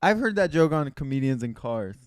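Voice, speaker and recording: A man's voice: a little high, very animated, fairly quick, clear, resonant tone, no echo, studio quality. A young man co-hosting a casual podcast, telling jokes playfully and putting on voices for the characters. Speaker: podcast co-host. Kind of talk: casual joke-telling chat.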